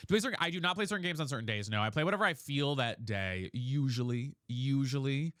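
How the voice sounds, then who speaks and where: A man's voice: medium pitch, lively intonation, quick pace, fairly bright tone, no echo. Guy streaming a game live, chatty and dramatic, voice bounces all over, dry close sound. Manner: chatty and dramatic, thanks viewers by name. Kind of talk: casual live-stream chat while gaming.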